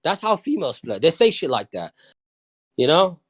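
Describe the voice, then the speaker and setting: A man's voice: fairly high pitch, big pitch swings, normal speed. A man from London, a podcast guest in casual chat, talking bluntly with plenty of swearing and often asking if you understand.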